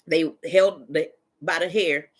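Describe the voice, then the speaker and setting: A woman's voice: deep voice, slow. A woman hosting a casual live stream who tells stories with lots of laughter and talks back to her chat. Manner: animated storytelling, laughs often.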